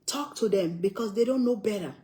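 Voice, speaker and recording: A woman's voice: medium pitch, brisk, warm tone, rough recording. An older woman from Africa, chatting casually and emphatically while she eats, repeating her points and laughing often. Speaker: cooking vlogger. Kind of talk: casual chat while eating.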